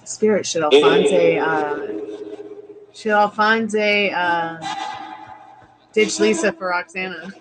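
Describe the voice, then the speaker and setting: A woman hosts a live tarot reading stream in a loose, chatty way. She greets viewers by name and asks spirit questions out loud, with music playing clearly behind her. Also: fairly low pitch, slow pace, pauses often, rough recording. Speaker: tarot reader livestream host. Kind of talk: casual livestream chat.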